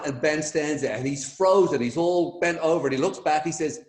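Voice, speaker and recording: Animated middle-aged male storyteller, echoey. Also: on the high side, brisk. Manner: energetic, animated storyteller acting out quotes. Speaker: guest speaker. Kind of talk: motivational storytelling on a team call. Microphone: video call.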